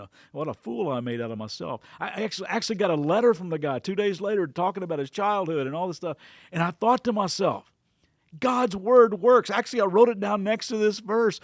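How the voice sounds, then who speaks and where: A man's voice: a little high, no echo, studio quality. A middle-aged man, a pastor hosting a devotional podcast, tells a personal story in a chatty way, with frequent restarts and quotes he acts out.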